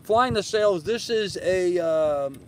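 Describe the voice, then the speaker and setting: With a high, lively yet darkish voice and slow pace, an older sailing vlog host livestreams from his sailboat moored in a harbor on an outdoor evening. He reads viewer comments and answers them in a relaxed, rambling way with many fillers, in a rough recording with slight background noise.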